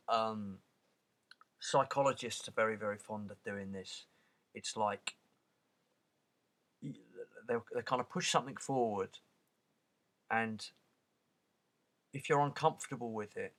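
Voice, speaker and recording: A man reads a book aloud and breaks off into halting, casual commentary, full of restarts and repeated words. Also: medium pitch, fairly bright tone. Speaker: reader and commentator.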